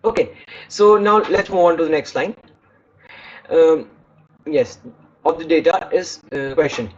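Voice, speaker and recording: A man's voice: a little high, a little slow, dull audio. A man giving an online speaking lesson, demonstrating tones by reading lines aloud and stopping to correct himself. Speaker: English speaking teacher.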